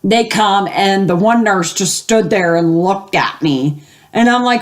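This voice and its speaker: A woman's voice: medium pitch, unhurried. An older woman telling a long story casually at home, rambling with fillers and acting out the voices of the people she quotes. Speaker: gaming video host.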